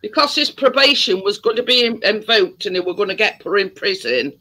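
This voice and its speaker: A man's voice: high voice, sharp tone, rough recording. A man arguing a point in a casual live-stream chat, stumbling and repeating his words. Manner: halting, repeats words while making a point. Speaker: co-host.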